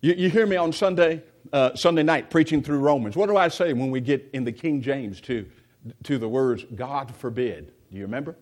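A man preaches conversationally, frequently asking the congregation questions and restarting his sentences, with many repeated words. His voice is fairly high, animated and a little fast, with a darkish tone.

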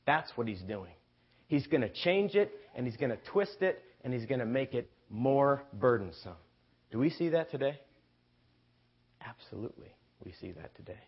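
A man preaching a sermon with emphasis, pausing to ask his listeners rhetorical questions. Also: mid-range voice, animated, breathy edge. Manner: slow, emphatic, asks the congregation rhetorical questions. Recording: dull lo-fi recording.

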